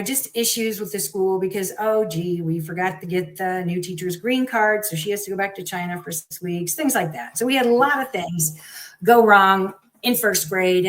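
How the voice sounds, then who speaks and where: A middle-aged woman, a guest parent, telling her story in a lively conversational way and acting out what others said. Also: medium pitch, moderate pace, poor audio. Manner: animated, acts out quoted people.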